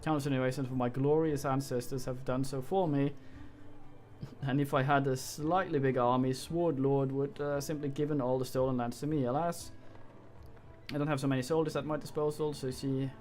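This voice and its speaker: A man's voice: medium pitch, steady tone, moderate pace, darkish tone, close to an everyday voice. A man voicing an arrogant baron who speaks offhandedly and condescendingly. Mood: dismissive. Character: arrogant male baron, dismissive and contemptuous.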